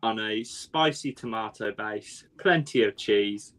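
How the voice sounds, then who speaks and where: A man in casual chat, an artist who teaches kids to draw, playful and quick to laugh. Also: on the low side, fairly bright tone.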